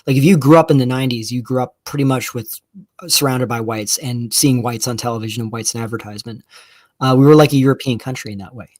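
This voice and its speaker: A man's voice: medium pitch, darkish tone, no echo, studio quality. A man in a casual live-stream talk, laying out his reasoning step by step with frequent fillers. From Canada. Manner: measured, explains step by step with many fillers and restarts.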